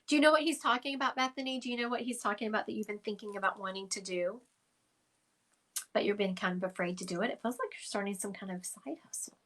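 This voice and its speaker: A woman's voice: mid-range voice, fast talker, a bit bright. A woman, a psychic medium giving an emphatic, affectionate reading to viewers on a live stream from her phone. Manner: chatty, emphatic, affectionate, addressing viewers directly.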